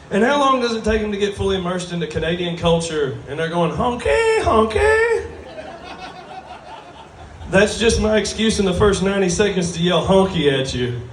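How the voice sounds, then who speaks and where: A high-pitched man talks quickly with few pauses and lively intonation as he performs stand-up at a brewery, drawling, crude and making fun of himself for the live crowd. A faint hiss or hum runs under the distant recording, made in a roomy live venue.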